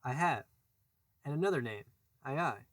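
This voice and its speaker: A man's voice: medium pitch, expressive, normal speed, no room sound, lightly acted. A man voicing a cocky boy who mocks a pirate captain with a boastful imitation, for a storybook reading. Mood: teasing. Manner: mocking, boastful, lifted and loud.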